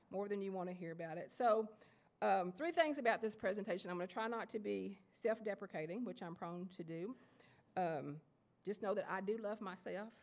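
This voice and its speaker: A woman with an Appalachian Kentucky accent giving a lecture to an audience of writers, self-deprecating and halting, with many fillers and restarts. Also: lowish voice. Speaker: guest lecturer. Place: lecture hall before an audience.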